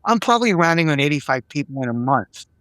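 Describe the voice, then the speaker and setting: An older man, an executive coach, tells stories from work in a lively, chatty way, slipping into the voices of the people in them and doubling up on his words. His voice sits a bit high for a man. It is recorded close and dry, with no room sound. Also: quick pace, no room sound. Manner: animated storyteller who acts out dialogue and repeats words. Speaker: executive coach and podcast guest. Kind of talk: conversational interview storytelling.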